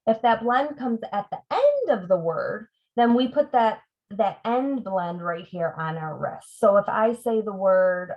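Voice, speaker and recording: A middle-aged woman who tutors reading runs a workshop for parents, patiently sounding out words as a teaching demonstration. Her mid-range voice swings widely in pitch at a measured pace, and the recording is dull and lo-fi.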